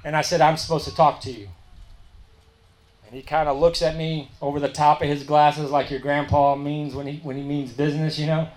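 A man's voice: fairly high pitch, level tone, brisk, hardly any pauses, a little mellow. A man with a slightly raised voice shares his recovery story with a meeting. He talks in a candid, emphatic, everyday way, throwing in asides as he goes. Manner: candid, conversational, colloquial and emphatic.

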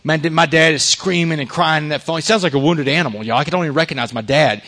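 A middle-aged man shares his recovery testimony with a live audience. He talks fast, in a voice pitched on the high side. He is earnest, moving between loud emphasis and hushed confession. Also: expressive. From Texas. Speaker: recovery speaker.

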